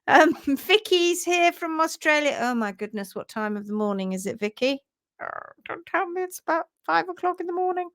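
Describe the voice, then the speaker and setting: A woman's voice: high-pitched, a bit bright. A woman hosting a livestream from her home office, chatting casually, greeting viewers by name and laughing often. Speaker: host of a horse hoof care livestream. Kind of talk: casual live chat.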